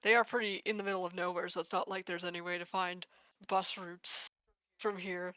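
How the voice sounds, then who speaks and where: A woman's voice: fairly low pitch, flat delivery, brisk, fairly bright tone, no room sound. Woman player, rambling, filler-heavy, close dry sound. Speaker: tabletop game player. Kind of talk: casual play chat.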